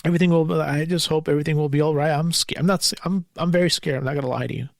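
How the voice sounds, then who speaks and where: A man talks alone into a close, dry mic for his podcast. His voice sits a little high and has a gravelly edge. He sounds anxious and bitter, and he swears freely as he vents. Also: fairly even intonation, rapid-fire, no echo. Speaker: podcast host. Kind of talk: solo podcast monologue.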